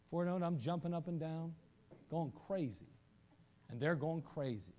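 A man preaching a sermon, animated, asking rhetorical questions and acting out quoted voices, at times rising to shouts. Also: a little high, moderate pace. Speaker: pastor.

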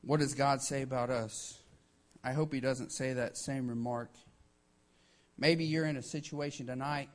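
A man's voice: mid-range voice, fairly even intonation, a little slow. A man preaching a sermon with emphatic delivery, often starting lines with "hey" and acting out quotes.

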